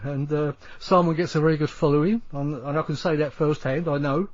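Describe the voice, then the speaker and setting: A man hosting a radio interview, asking questions in halting, restarting bursts. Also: fairly high pitch, fairly even intonation. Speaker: radio host. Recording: dull lo-fi radio audio.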